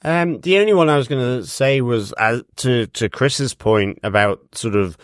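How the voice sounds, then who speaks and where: A man co-hosting a casual podcast, speaking in a measured way with fillers. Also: mid-range voice, no echo, clean studio sound. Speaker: podcast co-host.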